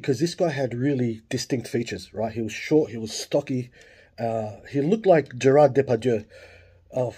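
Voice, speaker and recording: A husky Australian man in his late forties spins a rambling story, with plenty of swearing and side remarks. His voice is very dark and mellow. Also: mid-range voice. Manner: swears freely, lots of asides and fillers. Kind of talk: casual storytelling.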